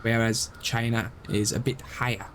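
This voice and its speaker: A young man chatting through a live game stream. His voice sits at a middle pitch, and he rambles, circling back to explain himself self-consciously. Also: fairly even intonation, moderate pace, fairly bright tone, slight background noise, poor audio.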